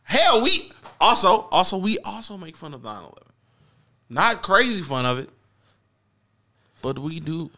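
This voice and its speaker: A man co-hosting a reaction stream, talking loudly and excitably, with frequent swearing. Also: high voice, normal speed, pauses often. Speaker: stream co-host. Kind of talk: casual reaction chat.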